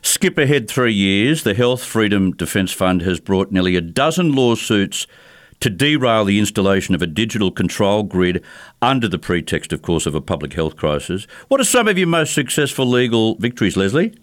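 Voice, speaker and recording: A man's voice: fairly low pitch, big pitch swings, normal speed. A male show host interviewing a guest, mostly giving short acknowledgments and asking pointed leading questions. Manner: brief backchannels, leading questions.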